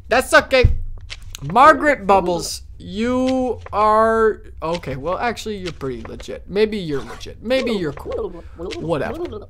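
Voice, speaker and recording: A man commenting live on a horror game, joking and swearing, chatting with in-game characters and viewers, swinging from loud outbursts to quiet mumbling. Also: high-pitched, sing-song, slow pace. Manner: talks to in-game characters and chat. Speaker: let's play streamer.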